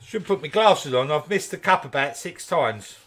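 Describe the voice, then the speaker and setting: A man's voice: a little high, lively intonation, moderate pace, fairly bright tone. Chatty man with a Kent accent. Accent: Kent English. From East London, England. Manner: chatty, jokey, answers viewer comments while working. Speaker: woodturning channel host. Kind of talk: casual live demo chat.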